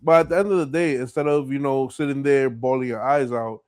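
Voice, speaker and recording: A man hosting a podcast, asking questions and agreeing with his guest in a relaxed, conversational way. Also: medium pitch, fairly quick, clean tone, no room sound, clean studio sound. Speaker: podcast host. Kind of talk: casual podcast interview.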